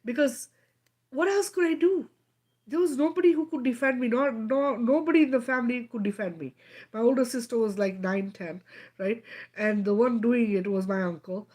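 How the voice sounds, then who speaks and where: A woman's voice: on the high side, normal speed, a little mellow. Emphatic middle-aged woman telling her story. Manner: emphatic, keeps checking in with "right?" and "okay?". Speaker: live stream host. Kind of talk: personal storytelling on a live stream.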